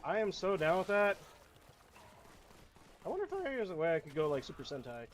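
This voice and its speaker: A man giving casual let's-play commentary, swearing at enemies and whining about his play in loud, repetitive outbursts. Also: sits high, brisk, slight background noise. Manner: profane, whiny trash talk at enemies; excitable outbursts and repeated phrases. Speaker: gamer.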